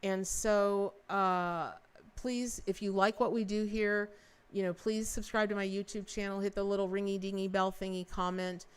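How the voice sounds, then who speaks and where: A woman hosting a live-stream tarot reading, talking in an effusive, rambling way with many restarts and speaking warmly to her viewers. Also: medium pitch, flat delivery, normal speed, clear, resonant tone. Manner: folksy and affectionate with viewers. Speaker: tarot reader and livestream host.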